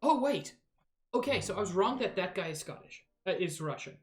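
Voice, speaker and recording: A woman's voice: fairly low pitch, lively intonation, fast, faint music behind. A woman streaming a game live, thinking aloud in a casual, musing, self-mocking way with the odd swear.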